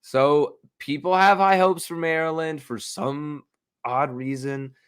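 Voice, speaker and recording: A man hosting a sports betting podcast, talking casually and excitedly, opinionated and rambling with frequent restarts. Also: a little high, takes it slowly, clear, resonant tone. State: hiccups.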